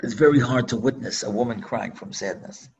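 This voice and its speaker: Earnest older rabbi with gravelly voice. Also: male voice, mid-range voice, brisk, a little mellow, lo-fi sound, slight background noise. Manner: earnest, emphatic preacher weaving Hebrew phrases. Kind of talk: sermon with storytelling.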